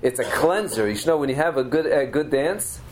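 A man's voice: mid-range voice, expressive, fairly quick, slight background noise, rough recording. A middle-aged man giving a Torah lecture as a teacher, telling stories earnestly and mixing Hebrew and Yiddish terms into his English.

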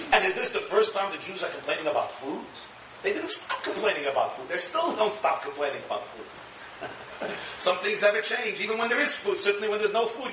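A male rabbi with a bright, high-pitched voice gives a lively Torah lecture, animatedly acting out quotes and chuckling at his own jokes. He's recorded from a distant mic in an echoey room, with dull sound and a little hiss or hum.

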